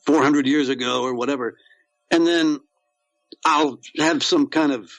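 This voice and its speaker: A man's voice: on the high side, fairly even intonation, measured pace, a bit bright, no echo, poor audio. A man, an actor, chatting as a podcast guest, rambling with many fillers and restarts. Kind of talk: casual interview chat.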